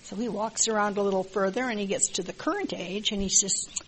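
An older woman from the Midwest shares her story at a group meeting in a frank, wry way. She talks at an everyday middle pitch, with plenty of ums and "you know"s. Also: fairly quick, background noise. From American Midwest. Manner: plain, candid and wry, with many filler words. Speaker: support group member sharing. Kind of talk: personal testimony at a group meeting.

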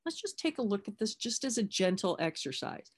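A woman's voice: medium pitch, sing-song, fairly quick. A woman leading an online recovery workshop, talking candidly and conversationally with many restarts.

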